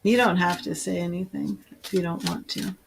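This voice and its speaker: A woman giving a live tarot reading, slowly invoking goddesses and reading card meanings aloud in a soothing way. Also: on the low side, fairly even intonation, vocal fry, a little hiss or hum. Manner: slow, soothing, invoking spirits. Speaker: tarot reader.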